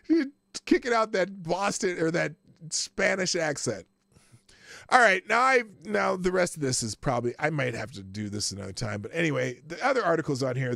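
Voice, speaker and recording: A man's voice: a little high, creaky, fairly bright tone, dry recording, clean studio sound. A male host giving casual live commentary, crude and mocking, often breaking into laughter.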